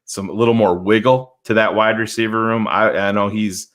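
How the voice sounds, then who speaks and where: A man's voice: fairly low pitch, steady tone, normal speed, a bit bright. A man co-hosting a casual sports talk stream, confident and blunt, with the odd curse. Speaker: co-host.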